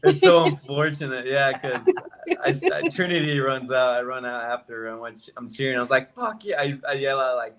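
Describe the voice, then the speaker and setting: A man's voice: mid-range voice, fairly even intonation, brisk, fairly bright tone. A man as a guest on a podcast, in casual chat, telling a story with lots of swearing and laughs.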